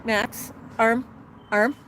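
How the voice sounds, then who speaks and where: A woman hosting a live stream from her patio, gently soothing her pet bird as if talking to a small child. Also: on the high side, steady tone, drawn-out words. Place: outdoor patio by a street. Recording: outdoor street traffic noise.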